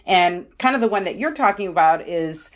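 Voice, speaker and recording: Middle-aged woman, parenting expert guest, animated conversational delivery. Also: normal speed. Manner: animated, acts out quoted parents and kids in higher voices. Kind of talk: conversational interview.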